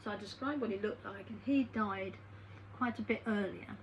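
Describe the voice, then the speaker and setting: Speaking at medium pitch and a moderate pace, a woman who works as a medium and healer chats her way through a story and performs the dialogue herself. The recording is noisy, with a background hum.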